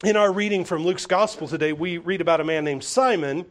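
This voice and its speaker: A man's voice: on the high side, brisk. A male pastor delivering a sermon, retelling a story with animation and occasional small restarts.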